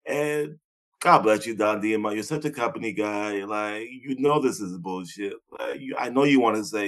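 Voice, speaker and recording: A man's voice: fairly low pitch, moderate pace, fairly bright tone. A man co-hosting a podcast, talking in casual chat, blunt and profane, laughing often and throwing in sarcastic asides. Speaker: podcast co-host.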